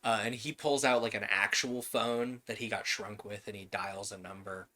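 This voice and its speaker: A man narrating as game master of a tabletop role-playing game, unhurried and loose, with fillers and chuckles. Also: lowish voice, fairly even intonation, sharp tone, a little hiss or hum.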